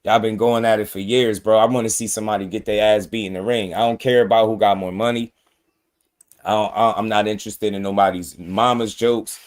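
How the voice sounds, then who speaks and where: A man's voice: fairly low pitch, fairly even intonation, brisk. Emphatic man ranting about boxing. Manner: emphatic, repetitive, addresses fighters directly. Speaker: boxing commentary host. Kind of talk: casual opinion commentary.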